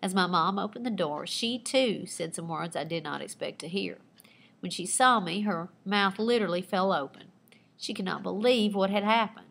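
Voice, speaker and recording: Expressive woman teacher reading a story. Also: medium pitch, moderate pace, vocal fry. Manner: expressive storytelling with asides pointing out figurative language. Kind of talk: reading aloud a personal narrative and explaining writing techniques.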